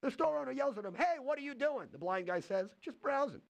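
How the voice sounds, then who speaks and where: A man playing a brash nightclub comic in a game, telling jokes with quick set-ups and punchlines and switching into the voices of the people in them. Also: extremely high pitch, lively intonation, creaky, dry recording, dull audio, heavily acted. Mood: joking. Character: brash fast-talking male nightclub comic. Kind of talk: stand-up joke delivery.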